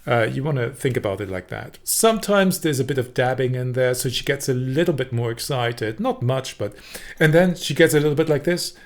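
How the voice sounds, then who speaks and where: A man's voice: mid-range voice, lively intonation, brisk. Man coaching while analyzing a clip. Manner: explanatory, conversational, demonstrates voices. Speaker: presentation coach. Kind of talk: video analysis commentary.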